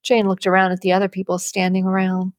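A woman reading a novel aloud as an audiobook narrator, with steady, measured storybook narration. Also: medium pitch, no room sound.

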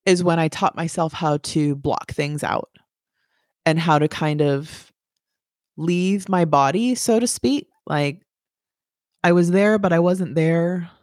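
Woman, 40s, from the US; personal testimony, candid and plain-spoken, low voice, dry sound. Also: darkish tone, no echo. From United States. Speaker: survivor telling her story.

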